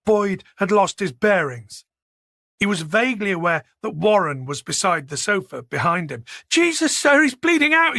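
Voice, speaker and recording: A man narrating a thriller audiobook in a steady, measured way. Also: sits high, dry recording, clean studio sound. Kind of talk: scripted narration.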